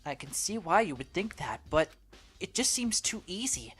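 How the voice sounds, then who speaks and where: A woman's voice: fairly low pitch, moderate pace, breathy edge, soft background music. A woman co-hosting a game playthrough, chatting and reading the story lines aloud in playful voices. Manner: playful, reads dialogue in lively put-on voices. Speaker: let's play co-host.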